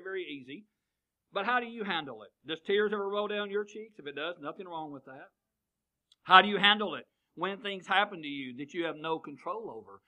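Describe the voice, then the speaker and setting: A man's voice: high-pitched, muffled recording. A man, preaching a sermon and asking the congregation one question after another. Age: 50s. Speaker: pastor.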